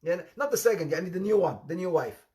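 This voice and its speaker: A high-voiced Islamic preacher talks fast through an informal sermon of humorous anecdotes, with a little hiss or hum in the audio. He is animated, weaving Arabic phrases into his English, laughing at his stories and imitating the voices he quotes.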